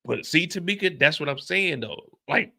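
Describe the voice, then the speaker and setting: Bright-voiced man chatting on a stream. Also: on the high side, animated, moderate pace, gravelly. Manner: chatty, loose, repeats "like" and "you see what I'm saying". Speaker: streamer reviewing a TV episode. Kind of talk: casual live-stream commentary.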